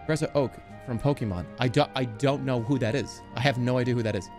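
A man chatting casually on a livestream, rambling and incredulous, quick to get worked up. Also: mid-range voice, darkish tone, soft background music. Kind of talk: casual stream chat.

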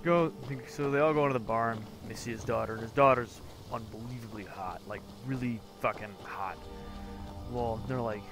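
A man chatting casually over a game playthrough, crude and rambling with plenty of swearing. His voice sits in an ordinary middle pitch. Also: moderate pace, music in the background. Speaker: gamer commentating a playthrough. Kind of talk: casual let's-play commentary.

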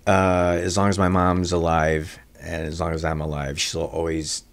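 A man's voice: deep voice, little pitch movement, normal speed, creaky. A man who runs restaurants, telling personal stories in a conversation, with lots of "uh" fillers and restarts. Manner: long anecdotes with frequent "uh" fillers and restarts; swears casually. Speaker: restaurateur guest.

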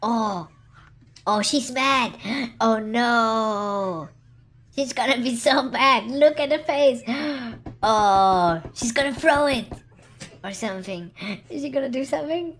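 A woman hosting a reaction video, excitable, gasping and laughing with constant exclamations over the clips. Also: on the high side, slow. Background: clip sound and music playing.

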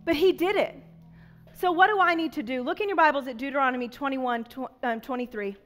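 Woman, children's pastor, high voice, animated kids' sermon. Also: brisk. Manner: animated storytelling, addresses kids as "y'all".

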